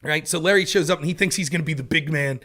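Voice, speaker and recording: On a casual commentary show, a host in his thirties tells meandering tales and swears often. His voice is fairly high and fairly bright, and he speaks at a quick pace.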